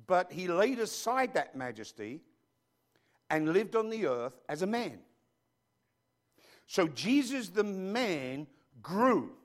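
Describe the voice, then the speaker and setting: A man preaching a sermon as pastor, animated and joking, with frequent asides to his congregation. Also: high voice.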